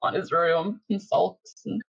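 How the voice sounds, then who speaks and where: A woman's voice: on the low side, fairly even intonation, takes it slowly, creaky, husky, no room sound, lo-fi sound. A young woman co-hosting a podcast, chatting casually as she recaps an anime and acts out the characters' lines, laughing often. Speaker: podcast co-host.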